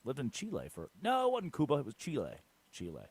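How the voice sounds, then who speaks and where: Animated joking male sports radio host. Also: medium pitch, quick pace, breathy edge, no echo. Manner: animated, joking, mimics people with put-on voices. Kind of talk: comedic sports talk.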